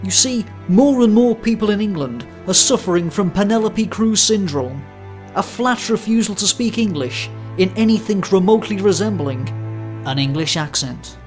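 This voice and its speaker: A woman reads a mock charity appeal with earnest solemnity. Her pitch sits in an ordinary middle range. Faint music plays underneath. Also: lively intonation, moderate pace. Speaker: charity ad voice-over. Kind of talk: spoof charity appeal narration.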